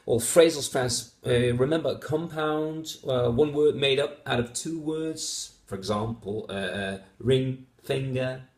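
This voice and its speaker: A man's voice: mid-range voice, unhurried, hardly any pauses, darkish tone. A man with Dutch as his first language, explaining test answers as a phonetics teacher, methodical, with many fillers and repeated example words. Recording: echoey room.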